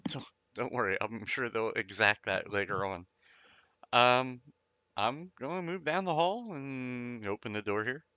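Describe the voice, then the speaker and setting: Male player, very bright and animated, dry close sound, dull lo-fi mic. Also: medium pitch, no room sound. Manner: halting, lots of restarts, playful. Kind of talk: casual tabletop play over voice chat.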